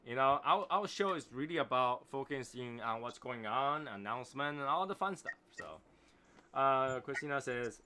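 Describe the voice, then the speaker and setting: A man hosting a relaxed livestream chat in English with a non-native accent. His voice has a bright, forward ring, and he talks in a rambling, reflective way, often checking in with "right?". Faint room noise sits behind him. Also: mid-range voice, normal speed. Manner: reflective, rambling, repeats phrases and asks "right?". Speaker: host of a cigar livestream. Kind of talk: casual chat reading viewer comments.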